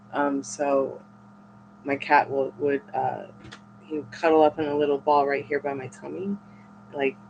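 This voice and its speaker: A woman reading tarot on a live stream, chatting casually with viewers and rambling in halting, restarting sentences. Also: low-pitched, a little hiss or hum.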